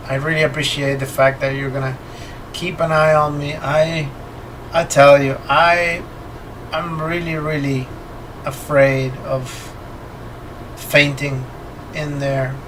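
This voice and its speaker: A man's voice: a little high, far from the mic, background noise. A man voicing a frightened, tearful woman. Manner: pleading, halting and emotional. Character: frightened, tearful middle-aged woman, apologetic.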